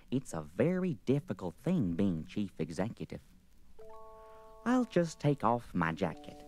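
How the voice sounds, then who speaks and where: A man playing an older president as a slow, sing-song children's TV show host. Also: sits low, heavily acted. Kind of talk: comedy record sketch.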